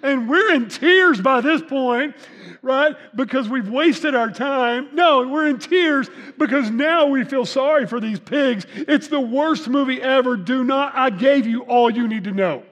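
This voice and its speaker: A male pastor with a high voice gives a sermon in a church sanctuary, where his words ring out in a long reverb. He talks to the congregation in a chatty way, joking and asking them questions. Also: unhurried, fairly bright tone. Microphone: microphone. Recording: reverberant hall.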